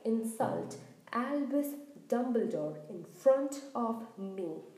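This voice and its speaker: A woman voicing a big, gruff, kindly male half-giant gamekeeper who talks loudly in a rustic dialect, in a storybook reading. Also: a little high, lively intonation, moderate pace. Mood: angry. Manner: loud, blustering rural dialect. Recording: roomy echo.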